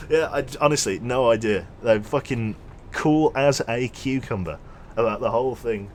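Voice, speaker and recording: A young man casually commentating his gameplay on a livestream, chatty and quick to launch into an animated story. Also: medium pitch, a little hiss or hum. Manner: chatty, animated storyteller who thanks subscribers. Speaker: streamer.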